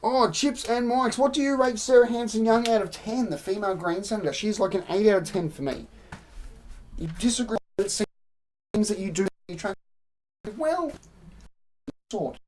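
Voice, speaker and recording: A woman's voice: mid-range voice, animated, moderate pace, long pauses, darkish tone, slight background noise. An Australian woman hosting a live stream, rambling through opinions and answering her chat in casual commentary. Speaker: livestream host.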